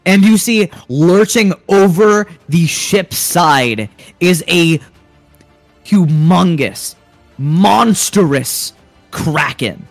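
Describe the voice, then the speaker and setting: A man narrating a tabletop game as game master, unhurried and hesitant with fillers. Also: high voice, expressive, no room sound, soft background music.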